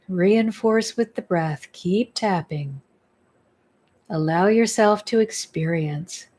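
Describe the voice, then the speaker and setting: Speaking slowly in a lowish, darkish voice, a woman who works as a spiritual healer guides listeners through a tapping meditation. Her manner is soothing and instructive, and she repeats affirmations for them to say back.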